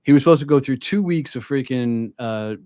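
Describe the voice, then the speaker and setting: A blunt man in the guest chair of a sales podcast, swearing as he tells his stories. His voice sits at an ordinary pitch for a man. The sound is dry and close, with no room around it. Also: a little fast, darkish tone, dry recording. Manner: blunt storyteller, swears freely. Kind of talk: casual podcast conversation.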